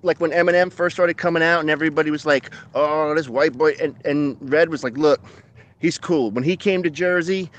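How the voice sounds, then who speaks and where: A man's voice: a little high, a little fast, fairly bright tone, dull audio. A man co-hosting a casual shop-talk podcast, laid-back and profane, laughing often. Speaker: podcast co-host. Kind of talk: casual chat.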